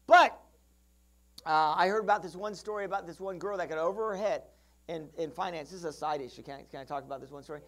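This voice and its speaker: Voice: medium pitch, quick pace, fairly bright tone. A pastor preaching a sermon, telling stories and acting out characters, calling out to the congregation for responses and often restarting mid-phrase. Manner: storytelling, acting out Bible characters; frequent restarts and asides.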